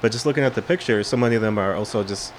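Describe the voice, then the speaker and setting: A man's voice: lowish voice, racing, slight background noise, poor audio. A man in the audience asking a hesitant, rambling question at a book talk. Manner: hesitant, full of restarts.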